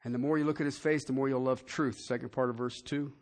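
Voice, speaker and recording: A man's voice: mid-range voice, steady tone, fast, darkish tone. A man preaching a sermon as pastor, talking in a conversational way and often asking the congregation questions.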